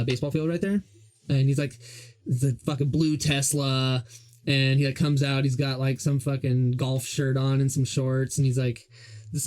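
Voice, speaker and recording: A man's voice: mid-range voice, a little mellow. A young man hosting a podcast, telling a story in a rambling, profane, casual way. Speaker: podcast host. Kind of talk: casual chat.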